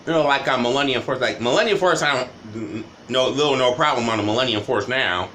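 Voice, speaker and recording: A man's voice: medium pitch, quick pace, pushed and bright, slight background noise. A man vlogging a rambling, casual storytime monologue, often tagging "right?" and "you know" onto his sentences.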